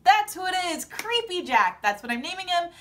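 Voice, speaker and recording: A young woman with a high voice chats casually to her camera as a vlogger. Her delivery is sassy, animated and opinionated, full of quick reactions. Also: a little hiss or hum. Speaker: vlogger recapping a TV show. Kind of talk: casual chat.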